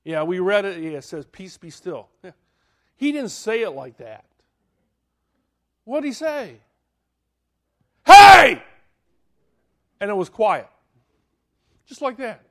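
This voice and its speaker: A man preaching a sermon, dramatic, swinging from loud to hushed and asking the listeners questions. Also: high voice, big pitch swings, unhurried, pauses often.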